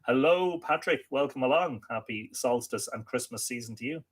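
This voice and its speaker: An Irish man hosting a live stream, reading out viewer comments and greeting each person by name, friendly, with halting restarts. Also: medium pitch, animated, husky. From Ireland. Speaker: livestream host.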